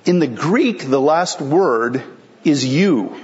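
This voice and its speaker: A man's voice: mid-range voice, expressive, takes it slowly, darkish tone, lo-fi sound. Man preaching a conversational sermon. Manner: conversational, explanatory preaching with rhetorical questions. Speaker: pastor.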